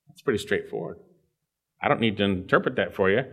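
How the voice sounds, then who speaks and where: A man preaching an expository sermon, explaining scripture verse by verse and dropping suddenly to a quiet voice. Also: mid-range voice, expressive, brisk. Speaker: pastor.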